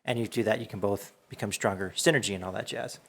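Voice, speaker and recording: A man hosting a casual podcast chat, talking in a halting way and often restarting his sentences. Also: lowish voice, steady tone, gravelly, breathy edge. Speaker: podcast host.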